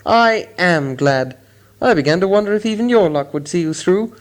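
A man reading an audiobook, voicing an old male wizard who exclaims briskly and commands. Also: sits high, animated, voice pushed up. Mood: exclaiming. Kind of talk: audiobook character voice.

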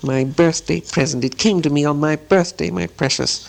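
A man's voice: a little high, moderate pace, vocal fry. A man voicing a wretched, hungry creature who whispers and wheedles over his treasure in an audiobook. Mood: gloating. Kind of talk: audiobook character voice.

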